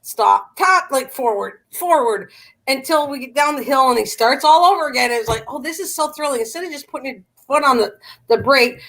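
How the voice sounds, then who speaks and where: Older woman host from Canada, high pitch, casual rambling storyteller. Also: lively intonation, moderate pace, fairly bright tone, rough recording. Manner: chatty storyteller, laughs often. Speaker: livestream host chatting with viewers. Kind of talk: casual live chat.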